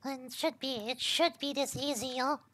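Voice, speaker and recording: A woman's voice: high-pitched, fairly even intonation, normal speed, a bit bright, no echo. A woman streamer giving casual game commentary, thinking aloud as she tries things, swearing freely and tacking "yo" onto her lines.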